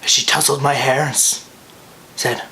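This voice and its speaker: A young man telling a funny personal story, jumping from excited yelps to hushed whispers. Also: medium pitch, measured pace, a little hiss or hum.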